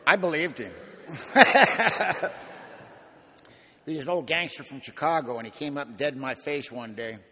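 A man's voice: mid-range voice, a little fast, few pauses, sharp tone, breathy edge. A man giving an emphatic, wry personal testimony to an audience, telling his own story. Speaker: speaker sharing his recovery story. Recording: long echoing hall reverb.

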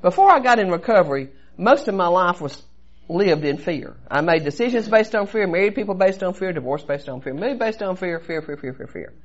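A woman's voice: on the low side, lively intonation, a little fast. A woman giving an earnest personal testimony at a recovery meeting, telling her story with lots of repetition. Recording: dull lo-fi recording.

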